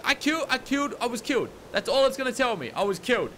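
A man's voice: very high voice, big pitch swings, quick pace, pushed and bright, a little hiss or hum. A young man commentating his survival game, panicked and exasperated, repeating himself. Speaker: gaming YouTuber. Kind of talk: let's play commentary.

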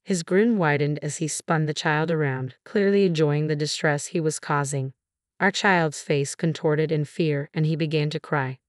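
Low-voiced woman narrating a story. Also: normal speed, no room sound, studio quality. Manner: even, steady first-person storytelling.

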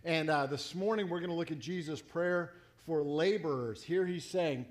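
A man's voice: fairly high pitch, normal speed. A man from South Florida preaching a sermon to his congregation, telling folksy stories with humor and playful inflections. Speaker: pastor. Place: church sanctuary.

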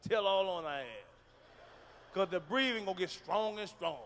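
A high-pitched, bright-voiced man works the crowd in a live stand-up set, profane and loud. He acts out scenes with shouts and moans, and his voice comes through a stage mic with a faint hiss and room ambience behind. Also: normal speed. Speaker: stand-up comedian. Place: large live venue on stage.

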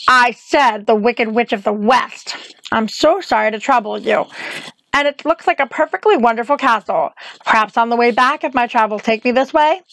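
A woman's voice: a little high, expressive, fairly quick, gravelly, fairly bright tone, no echo. A woman voicing a polite, anxious young girl traveler in an audiobook reading. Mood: worried. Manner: polite, earnest, worried.

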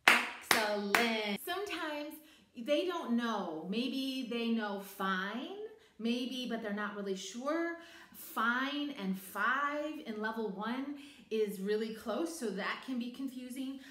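A woman's voice: on the high side, takes it slowly. A woman and online English teacher, chatting casually in a vlog about her lessons. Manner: chatty, animated, over-enunciates with the student. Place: home teaching room. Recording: roomy echo.

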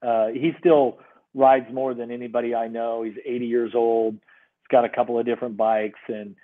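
A middle-aged man, a podcast guest, talking in a relaxed, rambling way with many fillers. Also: medium pitch, normal speed. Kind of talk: casual conversation. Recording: tinny phone-like line.

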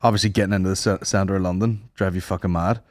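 A man's voice: sits low, steady tone, fast talker, no room sound, studio quality. A man co-hosting a podcast, telling rambling, sweary anecdotes in casual chat and acting out what people said. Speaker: podcast co-host.

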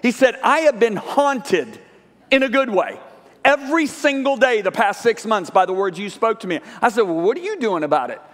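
High-voiced man preaching in a reverberant church. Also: normal speed. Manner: animated storytelling, acts out dialogue. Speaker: guest preacher. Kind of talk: sermon storytelling. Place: large church sanctuary. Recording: live church hall reverb.

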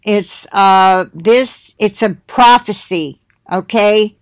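A middle-aged woman talks slowly and unhurriedly to her viewers, wandering through asides as she reads out titles. Her voice sits at an ordinary pitch, recorded dry and close with little room sound. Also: no echo. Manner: slow, rambling, reads titles aloud with asides. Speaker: video host sharing links. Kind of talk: casual monologue to viewers.

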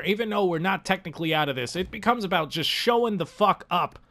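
A young man narrates his hockey video game as he plays it, with a bright, cutting tone and a voice that sits a little high. He jumps from loud, exasperated rants to low muttered asides and curses freely. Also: fairly quick. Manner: excitable, swings between frustrated outbursts and muttered asides, swears often. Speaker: gaming channel host. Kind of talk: live gameplay commentary.

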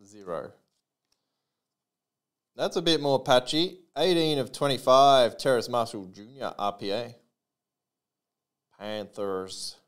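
A man's voice: mid-range voice, takes it slowly, pauses often, smooth. A man hosting a live trading card break, calling out player names and serial numbers with chatty asides to his viewers.

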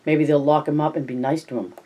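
A man voicing a hardened ranch worker in a read-aloud story, with plain rough dialect speech. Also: a little high, fairly even intonation, fast talker, dark tone, lightly acted. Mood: hopeless.

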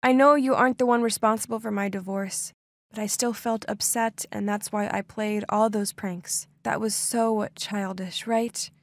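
A woman voicing a young stepsister in a soft, subdued way. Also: mid-range voice, steady tone, moderate pace, no room sound, close to an everyday voice. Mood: apologetic. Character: young woman stepsister, sulky then remorseful.

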